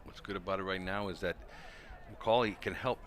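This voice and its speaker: A man who coaches track, giving color commentary at an outdoor meet and telling lively stories. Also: low voice, brisk. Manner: animated storyteller, voices quoted people loudly. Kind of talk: live sports commentary with storytelling.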